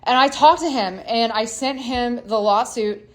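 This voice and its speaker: Her pitch fairly high and her pace measured, a female musician delivers a confessional account of her own life. She uses plenty of swear words and alternates between angry, loud moments and quieter ones.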